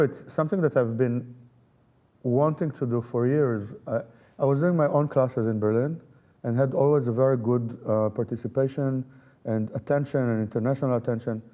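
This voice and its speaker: Mellow-voiced male festival director. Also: mid-range voice. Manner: thoughtful, with frequent fillers and repeated words. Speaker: festival artistic director and pianist. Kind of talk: interview answers.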